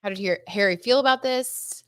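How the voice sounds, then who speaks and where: A young adult woman who reads tarot hosts a casual gossip livestream, chatty and giggly with her viewers. Her mid-range voice is fairly quick, a bit bright, clear and resonant, and the studio-quality audio has no room sound.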